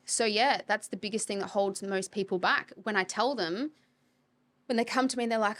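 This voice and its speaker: Blunt, animated woman. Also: medium pitch, normal speed. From Australia. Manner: animated, blunt, swears casually. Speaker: property coach. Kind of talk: podcast interview.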